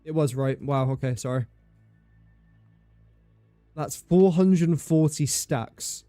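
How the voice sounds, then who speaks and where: A man's voice: a little high, takes it slowly, mellow, no echo, faint music behind. A man streaming live gameplay commentary, thinking aloud in a chatty way, talking to his game and to viewers in chat.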